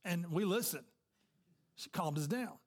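A male pastor delivers a sermon as a relaxed, conversational story, tossing in friendly asides to the congregation. His voice sits notably high for a man. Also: unhurried.

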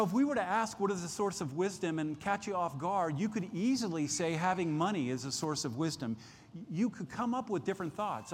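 Earnest male preacher in a reverberant church. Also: on the high side. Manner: earnest preaching, slows down to stress key words. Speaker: pastor. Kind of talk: midweek sermon with scripture reading.

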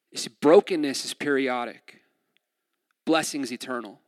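A man preaching a sermon in a lively, conversational way, retelling a scripture story with asides and jokes. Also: a little high, brisk. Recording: long hall reverb.

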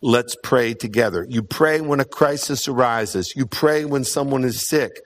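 A man preaching a sermon in an earnest way, repeating key points for emphasis and often pausing on "uh". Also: mid-range voice. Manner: earnest, emphatic repetition, frequent "uh" fillers.

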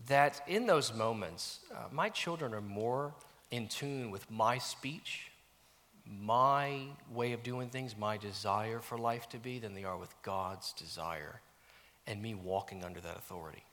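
A middle-aged man preaching a sermon as a pastor, animated and self-mocking, dropping to near-whispers at times. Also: lowish voice, unhurried. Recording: long reverb of a church hall.

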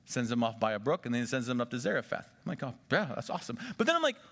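A man preaching a sermon, animated, swinging between loud excitement and quiet intensity. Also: medium pitch, very fast, creaky. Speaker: pastor.

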